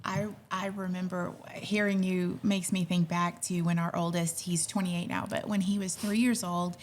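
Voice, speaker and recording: Lively woman host telling a story. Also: lowish voice, moderate pace, slight background noise. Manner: animated storyteller. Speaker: podcast host. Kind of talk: casual storytelling chat.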